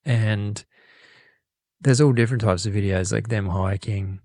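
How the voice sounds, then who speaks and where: A man co-hosts a podcast, chatting loosely and stumbling over his words as he reads a fan's letter. His voice is a little low with a gravelly edge. The sound is close and dry, right on the microphone. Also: unhurried, dark tone, no echo. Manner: rambling, laughing, self-correcting. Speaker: podcast co-host. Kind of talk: casual podcast chat reading a listener email. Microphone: studio microphone.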